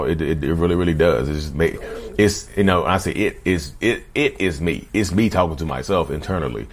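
A man with a very low voice talks straight to his viewers. He keeps the tone casual and conversational and often calls them "y'all". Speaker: vlogger talking about narcissism. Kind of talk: casual direct-to-camera monologue.

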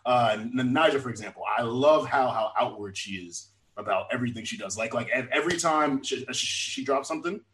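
A man's voice: medium pitch, brisk, few pauses, a bit bright, poor audio. Upbeat male podcast host. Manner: laughs often, hypes up guests. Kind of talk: casual chat.

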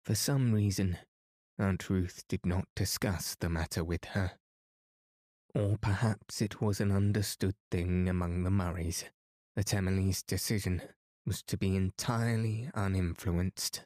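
A man narrating a classic novel calmly as a bedtime story for a sleep podcast. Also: deep voice, measured pace, dry recording, studio quality. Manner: calm, soothing reading.

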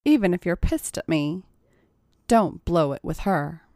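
A woman's voice: lowish voice, sing-song, a little slow, dark tone, no echo, studio quality. A woman voicing a bossy young woman who mocks and teases in a smirking tone. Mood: teasing. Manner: smirking, mocking.

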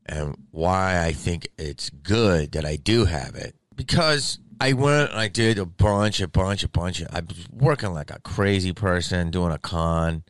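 Very deep-voiced, rambling, foul-mouthed comedian. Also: male voice, unhurried, hardly any pauses, no room sound. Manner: rambling and heavily profane. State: sick with covid. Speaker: stand-up comedian. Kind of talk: casual storytelling monologue.

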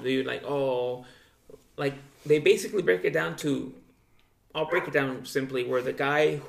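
Man, casual podcast talk, gravelly, slightly high voice, says dude a lot, echoey room. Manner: loose, profane, says "dude" constantly. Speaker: podcast host. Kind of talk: casual chat. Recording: roomy echo.

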